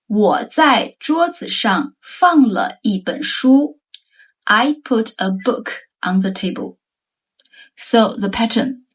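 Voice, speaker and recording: A woman teaching Chinese grammar in a scripted lesson, reading example sentences slowly and carefully. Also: a little high, expressive, breathy edge.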